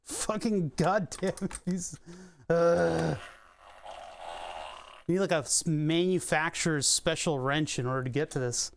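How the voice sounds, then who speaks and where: A man's voice: fairly high pitch, measured pace, vocal fry, pauses often, slight background noise. Philadelphia man muttering through a teardown. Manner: muttering, swearing at stubborn bolts. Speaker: electronics repair streamer. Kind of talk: casual live teardown chat.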